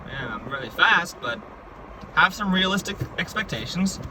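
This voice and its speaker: A man's voice: high voice, expressive, moderate pace, bright, forceful tone, a little hiss or hum, voice pushed up, heavily acted, poor audio. A man voicing a laid-back summoned woman warrior in fur armor, who talks casually and calls people dude. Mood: defensive. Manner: casual, slightly defensive, says dude.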